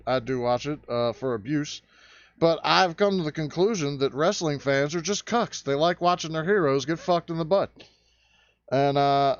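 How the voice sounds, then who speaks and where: A man rants crudely and sarcastically in a high voice with a gravelly, fried edge. The sound is dry and dull, like a lo-fi recording. His delivery is fired up and full of mockery. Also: no echo. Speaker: vlog host ranting. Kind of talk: profane rant vlog.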